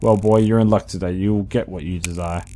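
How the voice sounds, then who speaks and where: Low, coaxing inner voice, menacing and cruel, read by a man. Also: fairly even intonation, fairly quick, mellow, a little hiss or hum, close to an everyday voice. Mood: coaxing, sinister. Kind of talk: reading game dialogue aloud.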